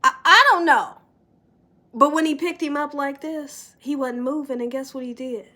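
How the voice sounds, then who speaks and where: A middle-aged woman vlogging from home, telling a story to her viewers in an animated way, laughing often and dropping to whispers. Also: high-pitched, normal speed.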